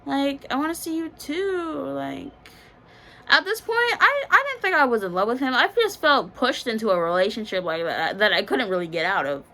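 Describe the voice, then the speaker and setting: Young woman doing a storytime vlog, higher voice, blunt and slangy, laughs a lot. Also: very animated, fairly quick, bright, forceful tone. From Bahamas. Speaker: vlogger.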